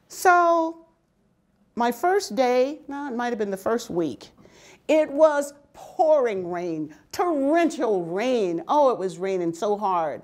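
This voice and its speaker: An older woman giving a personal storytelling talk, animated and often laughing as she speaks. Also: a little high, takes it slowly.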